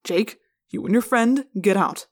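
A woman's voice: medium pitch, a little slow, darkish tone, natural voice. A woman playing a curt, cold male school official. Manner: curt, brusque orders. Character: cold, commanding male assistant principal.

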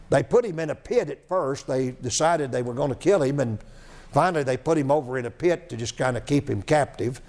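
A man's voice: a little high, animated, brisk, darkish tone. A man preaching a sermon, telling a story, repeating phrases and asking rhetorical questions.

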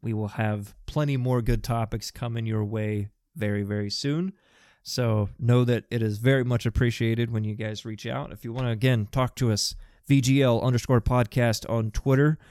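A man co-hosting a gaming podcast, talking in a relaxed, joking way with the odd curse thrown in. His voice sits at an everyday middle pitch, and the recording is dry and close with no room sound. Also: moderate pace, dry recording. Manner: laid-back, swears casually, joking. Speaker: podcast co-host. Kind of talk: casual podcast chat.

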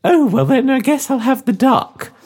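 A man's voice: animated, normal speed, noisy background. A man doing a fussy, dithering lady diner. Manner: high, dithering, prim. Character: fussy indecisive young woman diner.

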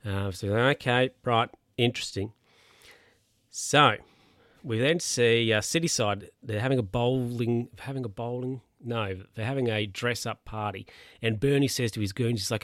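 A man's voice: mid-range voice, moderate pace, fairly bright tone, dry recording. Male podcaster, dry close sound, loose filler-heavy recap delivery. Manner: rambling, filler-heavy, self-correcting. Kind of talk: casual film recap.

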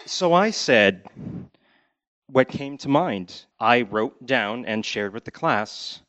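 A man's voice: mid-range voice, slow, no room sound, dull audio. A man from Connecticut telling a childhood story on stage with wry delivery, acting out family voices. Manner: wry, deadpan delivery with acted-out quotes. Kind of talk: live personal storytelling.

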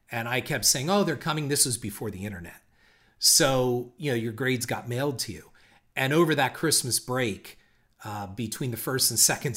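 A middle-aged man tells a story from his own life on his podcast, candid and reflective. He curses now and then. His voice is bright and forward, with a pitch that sits in the middle. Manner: candid, reflective, occasional swearing. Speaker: podcast host. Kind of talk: personal storytelling monologue.

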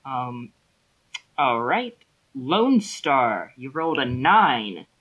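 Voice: mid-range voice, sing-song, very slow, husky, muffled recording. A game master running a tabletop role-playing game, explaining the setting at length with many ums and restarts.

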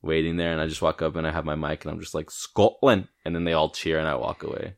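A man's voice: rumbling low, monotone, very fast, clean tone. A young man co-hosting a podcast, chatting casually about movies, rambling and swearing with a joking tone. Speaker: podcast co-host. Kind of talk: casual chat.

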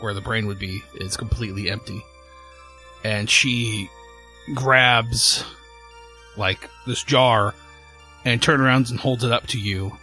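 A man's voice: lowish voice, sharp tone. A man narrating as game master of a tabletop horror game, loose and rambling, with many fillers.

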